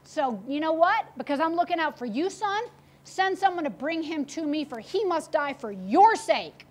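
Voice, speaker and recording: A woman's voice: high-pitched, lively intonation, normal speed. A woman voicing an angry, scheming older king who coaxes his son in a sermon retelling. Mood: persuasive.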